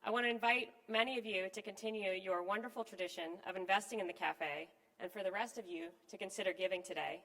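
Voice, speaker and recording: A woman's voice: medium pitch, fairly bright tone. Earnest woman giving a fundraising appeal in a hall. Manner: measured, earnest delivery. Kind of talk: scripted fundraising speech. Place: event venue with live and online audience. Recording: long reverb from a large hall.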